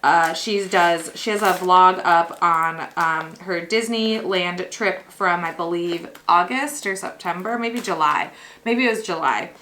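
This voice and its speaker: A woman vlogging casually as she unboxes a gift, gushing and excitable, chatting with lots of fillers. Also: on the low side, measured pace, a little hiss or hum. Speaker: costuming vlogger.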